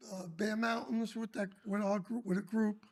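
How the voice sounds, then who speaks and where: An older former teacher, telling stories in casual talk, loud and animated, bursting into shouts. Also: male voice, sits high, moderate pace.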